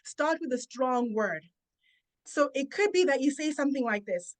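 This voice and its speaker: A woman who coaches public speaking, giving emphatic, deliberate advice as a podcast guest. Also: high-pitched, animated.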